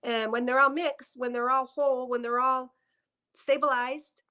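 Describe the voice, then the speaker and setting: A woman's voice: high-pitched, level tone, a little slow, bright, forceful tone. A woman doing a psychic reading on a headset mic, emotional and tearful as she rambles through her impressions. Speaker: psychic reader. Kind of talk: spiritual reading session.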